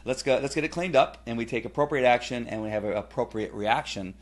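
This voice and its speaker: A middle-aged man giving a casual personal testimonial, rambling with many fillers and restarts and growing animated when he retells family scenes. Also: mid-range voice, fast talker. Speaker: testimonial speaker.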